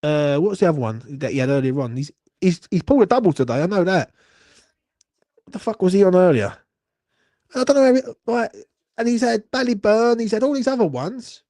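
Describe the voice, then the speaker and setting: A man's voice: high-pitched, expressive, fairly quick, mellow, dry recording, studio quality. A young man, hosting a live horse racing watchalong, swearing and grumbling in a rambling way. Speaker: watchalong host.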